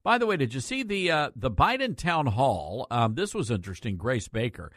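A man's voice: medium pitch, big pitch swings, moderate pace, fairly bright tone, dry recording, studio quality. A man hosting a podcast, chatting and reading odd news with wry jokes that trail off. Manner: wry, joking, trails off into mumbles. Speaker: podcast host. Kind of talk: casual chat with joke news reading.

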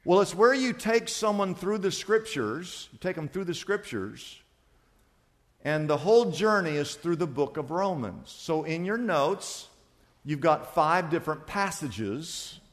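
A man preaching a sermon as pastor, acting out little conversations and swinging between loud and soft. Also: fairly high pitch, unhurried, long reverb tail. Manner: animated preaching, acts out little dialogues with shifts of loudness.

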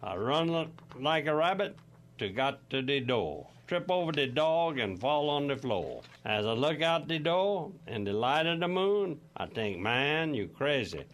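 A man's voice: a little high, sing-song, measured pace, fairly bright tone. An older man with a Cajun accent, reading a rhyming dialect poem aloud with a folksy rhythm. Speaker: guest reader.

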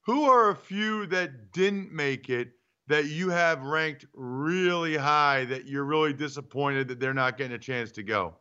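A male sports co-host with a high, bright, crisp voice asks questions and teases the guest. He sounds playful. The audio is a touch dull. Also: a little slow. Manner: playful, teasing. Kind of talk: sports radio talk.

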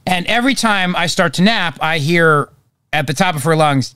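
A man's voice: fairly high pitch, expressive, moderate pace, pushed and bright, clear, resonant tone, no room sound. A male talk show host giving casual political commentary, short on sleep and rambling from one topic to the next. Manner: rambling, jumps between topics.

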